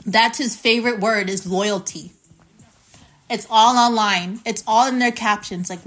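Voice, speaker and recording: A young woman with a bright, ringing voice that sits a little high, telling a story on her podcast. She talks bluntly and indignantly and swears freely. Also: measured pace. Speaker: podcast host.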